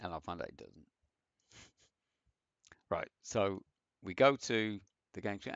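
A programming teacher thinks aloud as he types, rambling through a casual screen-share coding tutorial in a self-deprecating way. His lowish voice is animated and a bit bright, unhurried with frequent pauses, and recorded with no room sound on a dull, lo-fi dry mic.

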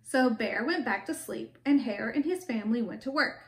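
A woman reading a picture book aloud to children, gentle and stopping to ask them questions. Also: a little high, animated, moderate pace. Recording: echoey room with faint background.

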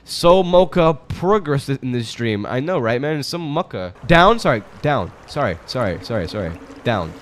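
A young man commenting on his own play of a hard game, mumbling one moment and shouting and swearing the next. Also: on the high side, huge pitch swings, unhurried, a little hiss or hum. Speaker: gaming streamer. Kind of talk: reactive gameplay commentary.

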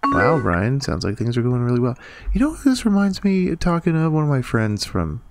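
A man at his computer plays through a chat game, reading each message aloud and tossing in playful, joking asides. Loud game music plays behind his voice, with keyboard typing close by. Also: medium pitch, wildly swooping pitch, moderate pace. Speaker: gameplay host. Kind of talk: casual let's-play commentary, reading chat aloud.

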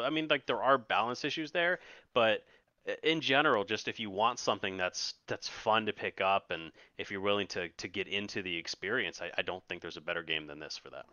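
A very deep-voiced man with a sharp, bright edge joins a casual board game podcast and speaks in an earnest, emphatic way. His recording is dry and dull, with a lo-fi sound. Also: clean tone, no echo. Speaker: podcast co-host.

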